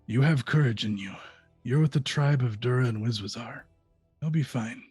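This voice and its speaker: A man voicing a calm beastkin guide. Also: mid-range voice, breathy edge, dry recording, faint music behind. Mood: reassuring. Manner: steady, unhurried.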